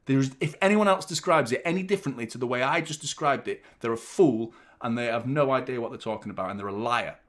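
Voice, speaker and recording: A man, hosting a football watchalong with excitable, rambling commentary and frequent swearing. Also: mid-range voice, fast talker, few pauses. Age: 30s. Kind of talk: live match commentary and chat.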